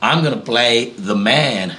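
A man's voice: mid-range voice, lively intonation, takes it slowly, sharp tone, faint music behind. A man from Africa, a pastor answering interview questions in a preaching tone, emphatic and fond of repeating key phrases. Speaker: guest pastor.

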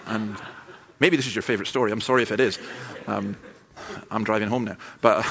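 A man's voice: fairly low pitch, steady tone, brisk, a bit bright, slightly rough, muffled recording. A man pastor delivering a sermon with humorous, anecdotal storytelling.

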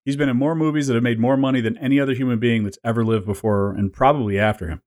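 A man's voice: mid-range voice, fairly even intonation, very fast, a little mellow. A man in his forties, co-hosting a podcast in casual, rambling chat, joking and laughing often. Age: 40s. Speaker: podcast co-host.

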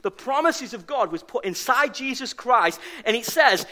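High bright-voiced preacher. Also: male voice, expressive, moderate pace. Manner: emphatic, repeats key phrases for stress. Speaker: pastor. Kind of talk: sermon. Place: church service.

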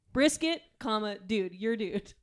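A woman's voice: medium pitch, lively intonation, takes it slowly. A woman voicing a brash young male minotaur fighter who talks like a surfer dude. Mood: rowdy. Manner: surfer-dude drawl, ends lines with "dude".

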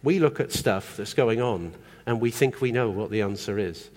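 Lively male preacher in a reverberant hall. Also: fairly low pitch, moderate pace. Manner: conversational, asks the congregation questions. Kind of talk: sermon. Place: church hall.

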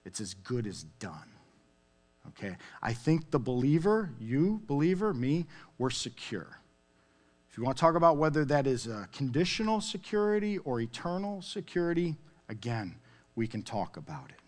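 A pastor preaches a sermon in a conversational, animated way, frequently checking in with asides like "okay?" and "all right?". His voice is mid-range at a normal speed.

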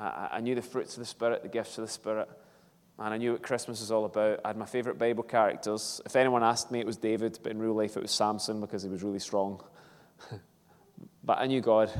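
A man preaching a sermon, telling stories and moving between hushed asides and emphatic delivery. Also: fairly high pitch. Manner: storytelling, swings from hushed to emphatic. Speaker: pastor. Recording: long hall reverb.

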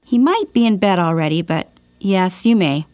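Woman playing a caring mom, gentle coaxing questions, dry close sound, family audio drama. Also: fairly low pitch, expressive, moderate pace, no echo, lightly acted. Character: calm, caring mother.

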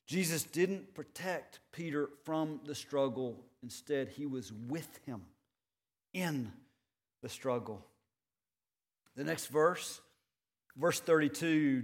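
A man preaching a sermon, earnest and measured, building points with rhetorical questions and repeated phrases. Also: mid-range voice. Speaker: pastor.

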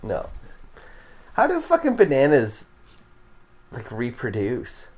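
A man in casual banter, throwing in quick swearing interjections. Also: mid-range voice, huge pitch swings, darkish tone. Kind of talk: casual profane chat.

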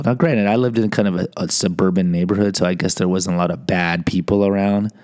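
A man's voice: low voice, fairly even intonation, fast talker, few pauses, a little mellow. A man hosting a podcast, telling a personal story in a candid, self-deprecating monologue with frequent restarts. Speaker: podcast host.

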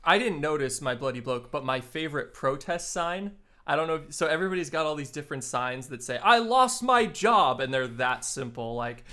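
Bright, sharp-toned man chatting. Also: mid-range voice. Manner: rambling, jokey, halting restarts. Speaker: podcast co-host. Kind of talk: casual movie review chat.

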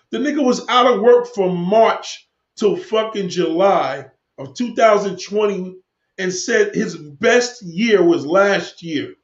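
High-voiced man ranting, profane and heated. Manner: heated, swearing, rambling. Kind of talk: profane rant to stream viewers. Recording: echoey room, dull lo-fi sound.

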